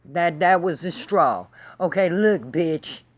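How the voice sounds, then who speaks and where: A woman's voice: on the low side, expressive, takes it slowly. A woman vlogging to camera in a heated, sarcastic and profane rant. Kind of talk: angry vlog rant.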